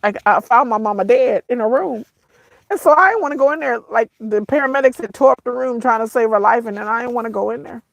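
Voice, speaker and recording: In a close, dry recording with no room sound, a middle-aged vlogger tearfully tells viewers a personal story. Her voice is a touch high and gravelly, sometimes breaking; she halts, circles back on her words, and calls them "y'all."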